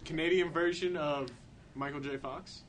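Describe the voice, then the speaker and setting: A man playing a video game with friends, heckling them bluntly and yelling at the action on screen. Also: fairly high pitch, steady tone, moderate pace, crowd noise. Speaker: player in a gaming stream. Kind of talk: excited gaming banter. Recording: game music behind.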